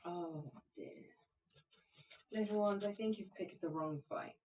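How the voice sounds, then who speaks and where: A player voicing a calm, courteous horse-bodied clan protector in a tabletop game. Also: medium pitch, measured pace, echoey room, natural voice, poor audio.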